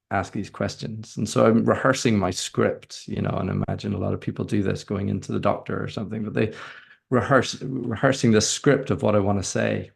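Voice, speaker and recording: A man with a low voice and a deep gravelly rasp. He is a podcast guest telling a reflective personal story. He talks haltingly, with many restarts and fillers.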